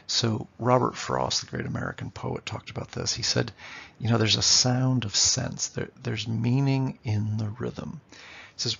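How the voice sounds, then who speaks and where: Gravelly, husky male literature teacher. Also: mid-range voice, sing-song, unhurried, fairly bright tone, highs cut off. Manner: explanatory, checks in with "okay?", taps out rhythms aloud. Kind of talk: classroom lecture.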